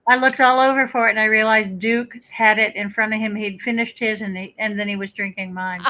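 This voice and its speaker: A woman chatting on a live stream from her home kitchen, telling stories with lively quoted asides. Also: mid-range voice, brisk, rough recording. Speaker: guest teacher. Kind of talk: casual live-stream chat. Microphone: computer.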